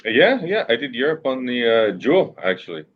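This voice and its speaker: A man recalling his travels in a casual chat, halting and listing with many fillers. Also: medium pitch, sing-song. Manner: halting, lists places with fillers. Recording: tinny phone-like line.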